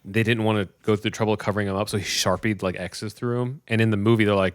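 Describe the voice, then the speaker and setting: A man in his thirties, co-hosting a casual podcast chat, retelling movie scenes with lively acted-out voices. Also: fast, no room sound, studio quality. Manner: animated storyteller, acts out movie scenes in loud high voices. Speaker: podcast co-host.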